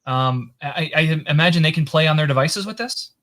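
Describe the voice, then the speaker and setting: A man's voice: fairly high pitch, moderate pace, a bit bright. A man hosting a casual interview over a video call, friendly, with hesitant restarts. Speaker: show host.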